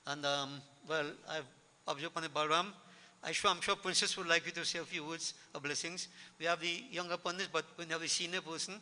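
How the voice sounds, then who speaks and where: A man gives an emphatic sermon at a devotional gathering, and his voice sits high. The tone is very bright and cutting. He rings out across a reverberant worship hall, quizzing his listeners and repeating his key words. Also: steady tone, a little fast. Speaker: spiritual teacher.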